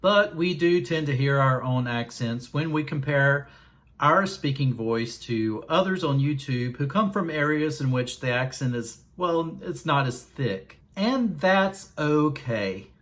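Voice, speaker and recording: A man's voice: fairly high pitch, fairly bright tone. A man with a Southern US accent talking casually to his viewers in a vlog, folksy and self-deprecating, taking his time over each word. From Southern United States. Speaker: YouTuber.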